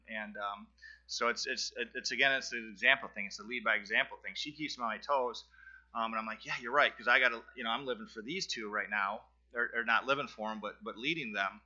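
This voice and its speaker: A middle-aged man nervously giving a personal testimony in front of his church congregation, halting and earnest, with many fillers and restarts. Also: lowish voice, bright, forceful tone, muffled recording. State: nervous, sweating.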